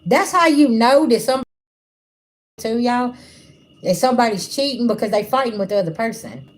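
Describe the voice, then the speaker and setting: This spiritual reader, a woman, speaks to her livestream audience in a blunt, casual way during a tarot-style reading. Her fairly high voice is expressive and brisk.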